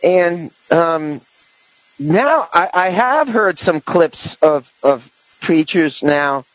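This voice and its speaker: A man's voice: a little high, expressive, extremely slow, a bit bright, dry recording, poor audio. A man hosting a podcast in casual political chat, rambling with many restarts and fillers. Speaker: podcast host.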